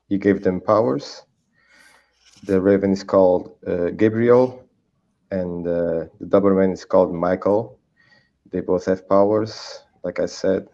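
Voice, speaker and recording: Casting note: man, low voice, halting guest talk, dull lo-fi call audio. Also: dark tone. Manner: halting, many fillers and restarts. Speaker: guest comic creator. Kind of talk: casual video call chat. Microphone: video call headset.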